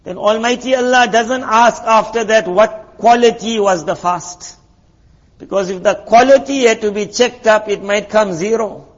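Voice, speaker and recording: Speaking at a moderate pace, this Islamic preacher addresses his audience conversationally, telling stories and asking one rhetorical question after another. His voice is high and husky, while the muffled, lo-fi recording carries a long reverb tail.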